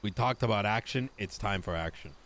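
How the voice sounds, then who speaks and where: A man's voice: fairly low pitch, brisk, a bit bright. A man talking in character over voice chat, blunt and fired-up, swearing freely.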